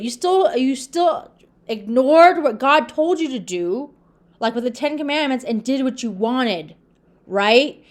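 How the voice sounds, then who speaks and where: A woman casually and earnestly retelling Bible stories to her viewers, full of restarts and acted-out quotes. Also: high-pitched. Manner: earnest, repetitive, addresses viewers as "you guys"; many restarts and fillers, acts out quoted lines. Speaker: religious video host. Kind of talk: casual Bible talk to camera.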